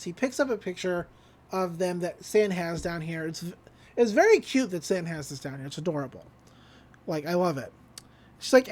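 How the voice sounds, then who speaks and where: A woman's voice: medium pitch, expressive, a little fast, a little mellow. A woman recapping a cartoon episode in a casual, chatty, enthusiastic way. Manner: chatty and enthusiastic, with frequent fillers. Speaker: podcast host recapping an episode.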